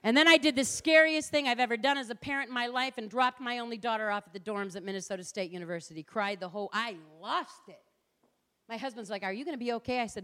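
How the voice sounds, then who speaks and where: Bright and forceful, her voice sits on the high side and moves at a quick pace. The middle-aged public speaker gives a passionate lecture in a lecture hall, punchy and direct, dramatizing the people she quotes.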